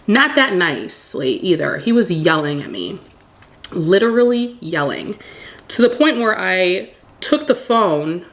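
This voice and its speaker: Woman, storytime vlogger, casual, animated retelling, slightly low voice. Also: unhurried. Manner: animated retelling, acting out quoted dialogue.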